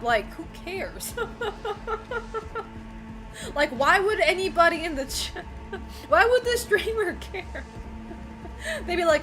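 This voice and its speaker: Giggly girl streamer chatting w her viewers, high bouncy voice, kinda slow, soft music behind. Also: very animated. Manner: giggly, talks to chat, swears casually. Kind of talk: casual livestream chat.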